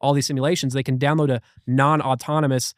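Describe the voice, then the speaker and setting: A man's voice: medium pitch, quick pace, dry recording, clean studio sound. A man guest on a podcast, chatting casually and telling stories with acted-out quotes. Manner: animated storyteller who acts out quotes. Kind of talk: casual chat.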